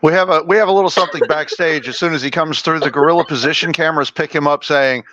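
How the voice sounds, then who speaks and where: A man's voice: fairly high pitch, quick pace, hardly any pauses, sharp tone, muffled recording. A man bantering and joking as co-commentator on a wrestling show.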